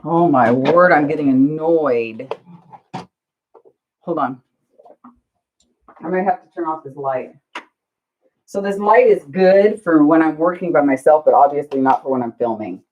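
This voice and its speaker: A woman's voice: low-pitched, a little slow, pauses often, a little hiss or hum. A woman hosting a casual crafting livestream, flustered and self-deprecating, chatting to her viewers while she works. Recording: dull lo-fi livestream audio.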